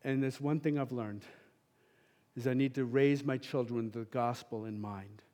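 A middle-aged man preaching a sermon in a church, passionate and emphatic, with sudden loud peaks and then a soft, quiet prayer. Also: medium pitch, fairly even intonation, moderate pace. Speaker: pastor.

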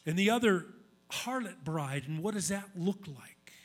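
A man's voice: sits high, animated, measured pace. A male pastor giving a sermon in a conversational, emphatic style, repeating key phrases for weight.

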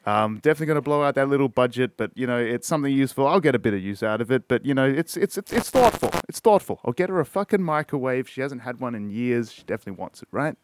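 A man's voice: medium pitch, expressive, rapid-fire, hardly any pauses. An Australian man telling a rambling, profane story in a casual podcast chat. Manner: profane, rambling, self-interrupting. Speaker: podcast host.

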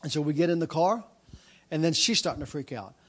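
A man preaching a sermon, telling a personal story and then building into a loud, repetitive preaching cadence. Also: on the high side, expressive, a little fast, breathy edge.

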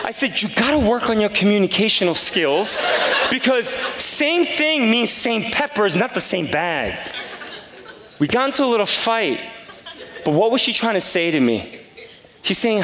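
A fairly high-voiced male pastor preaching loudly and with animation, acting out both sides of a story. His voice rings through a hall with a long reverb tail. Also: moderate pace, slight background noise. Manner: animated storyteller, acts out dialogue, loud voice. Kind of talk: sermon with personal story.

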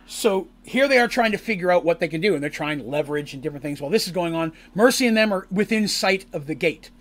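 A man recapping a tabletop role-playing session as game master, in animated storytelling that bursts into acted character lines. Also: high voice, fast. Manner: lively, acts out characters' lines in shouts and squeals.

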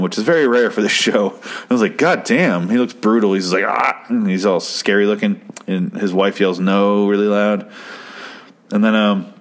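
A young man recapping a TV episode in a casual, rambling, profane commentary, getting excited as he goes. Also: lowish voice. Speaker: show host.

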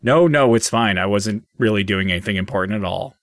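A man's voice: on the low side, a little fast, a bit bright, dry recording, clean studio sound. A man voicing a tired, polite but stern male gatekeeper who sends souls onward. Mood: weary. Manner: tired, patient and clipped.

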